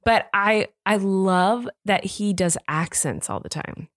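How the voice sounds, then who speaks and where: A woman in her thirties co-hosting a podcast, chatting casually and telling stories in an animated way. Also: medium pitch, no echo, studio quality. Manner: chatty, animated storytelling with quick laughs. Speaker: podcast co-host. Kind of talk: casual chat.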